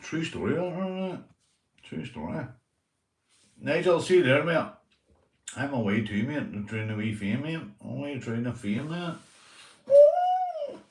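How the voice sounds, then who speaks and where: A man's voice: medium pitch, animated, moderate pace, long pauses, echoey room, distant mic, slight background noise, poor audio. A Northern Irish man telling stories on his livestream, swearing often and asking "right?" after almost every line. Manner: swears a lot, repeats "right?" and "mate". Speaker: livestream host. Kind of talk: casual livestream storytelling.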